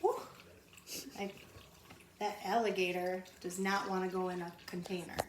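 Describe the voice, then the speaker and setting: A woman teaching a phonics lesson to young children, sounding out letters slowly and repeating each word. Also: lowish voice, little pitch movement. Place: home. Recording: roomy echo, mic at a distance, faint background noise.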